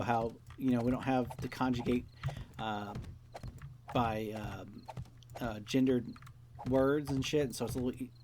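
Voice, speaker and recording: A man's voice: medium pitch, darkish tone, slight background noise. Rambling, swearing male game streamer. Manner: rambling, swears often, acts out quoted dialogue. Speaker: let's play host. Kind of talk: casual rambling commentary while playing.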